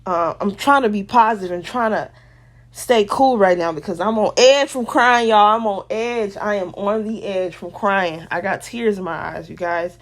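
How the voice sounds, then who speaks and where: Woman vlogger, personal testimony, casual slangy delivery, emotional, medium pitch. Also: moderate pace.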